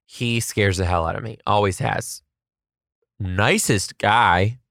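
Gravelly low-voiced man telling teacher stories. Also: slow, no echo, clean studio sound. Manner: animated, self-mocking, dramatic asides. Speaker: kindergarten teacher. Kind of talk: comedic storytelling vlog.

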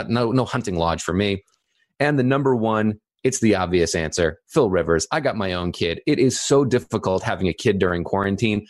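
A man in his thirties co-hosting a podcast, running through a list with dry jokes. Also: on the low side. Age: 30s. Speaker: podcast co-host. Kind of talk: casual podcast chat.

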